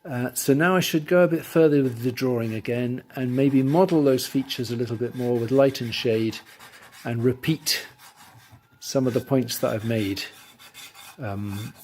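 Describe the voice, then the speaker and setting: A man teaching drawing, talking through his steps as he works and trailing off quietly into asides. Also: medium pitch, a little hiss or hum. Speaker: art teacher. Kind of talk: drawing tutorial voice-over.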